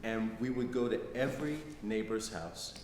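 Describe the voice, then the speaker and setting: Speaking at normal speed, a middle-aged American man uses a fairly low, slightly mellow voice with lively intonation. He's a guest lecturer recounting his own stories to a live lecture-hall audience, frequently asking "right?" along the way. The recording is echoey with a little background noise.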